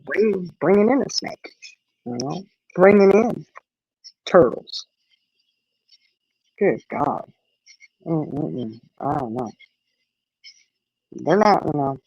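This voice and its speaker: A middle-aged woman, chatting casually and telling a lively story, acting out the voices in it. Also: low-pitched, slow pace, long pauses, slightly rough, no room sound, highs cut off. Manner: animated storyteller, acts out quotes. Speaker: host. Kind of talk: casual chat.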